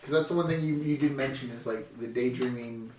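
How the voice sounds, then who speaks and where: With a mid-range voice and a slightly fast delivery, a young man hosting a laid-back podcast spins animated stories. He loudly performs the quotes and laughs frequently, and the recording is roomy and echoey from a far-off mic.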